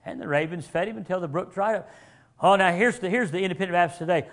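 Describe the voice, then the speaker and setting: A man preaching a sermon, animated and acting out the voices he quotes, sometimes rising to shouts. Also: high-pitched, a little fast.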